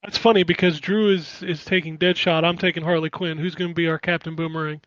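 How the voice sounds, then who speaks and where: A man co-hosting a gaming podcast in casual chat, talking in an animated, exclamatory way. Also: fairly high pitch, quick pace, no room sound, dull audio. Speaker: podcast co-host.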